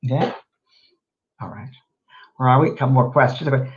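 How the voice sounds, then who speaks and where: A man hosting a live show as a medium, answering viewer questions in a gentle, rambling, reassuring way. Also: mid-range voice, moderate pace, dull audio. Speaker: host and medium.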